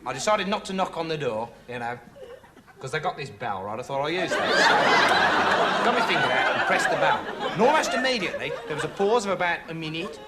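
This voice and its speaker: An actor playing a rambling, dim young male amateur investigator in a comic monologue, meandering and deadpan, full of filler words. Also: on the high side, fairly quick. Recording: TV studio audience laughter, noisy.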